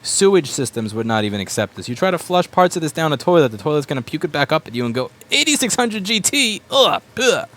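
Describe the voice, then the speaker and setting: A man's voice: mid-range voice, expressive. A repair shop owner ranting bluntly and with plenty of swearing as he works at his bench. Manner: blunt and sweary, with quick mocking asides. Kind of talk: profane ranting while working.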